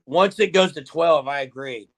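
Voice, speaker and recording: A man hosts a casual sports livestream at a moderate pace, his pitch fairly high. Chatty and jokey, he talks straight to viewers, bantering with callers and reading their comments aloud.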